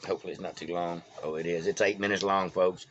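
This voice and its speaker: Folksy Texan man, low voice. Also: steady tone, fast, a bit bright, muffled recording, a little hiss or hum. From Texas. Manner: rambling, folksy, stumbles over names. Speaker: political vlogger. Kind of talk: casual solo commentary. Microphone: phone.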